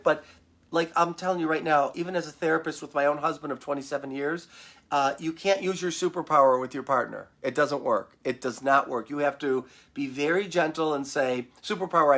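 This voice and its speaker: A man from Michigan, a therapist hosting a casual live talk and animatedly acting out his clients' voices. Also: vocal fry. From Michigan, United States. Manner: animated, acts out client voices in a higher pitch. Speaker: therapist and show host. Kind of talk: casual live-stream talk answering viewer questions. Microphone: webcam or computer mic at home.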